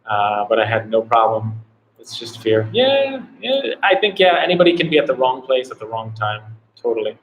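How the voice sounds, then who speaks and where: A man's voice: on the low side, expressive, fairly quick, highs cut off, a little hiss or hum. A man hosting a casual live travel Q&A, rambling and filling his talk with "like". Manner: rambling, heavy on "like" fillers. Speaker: travel vlogger host.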